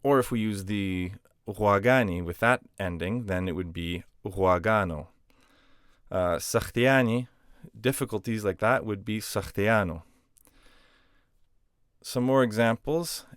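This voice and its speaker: A man's voice: lowish voice, a little slow, clear, resonant tone, no room sound, studio quality. A man teaching a grammar lesson, explaining patiently step by step with spoken examples. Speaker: language teacher.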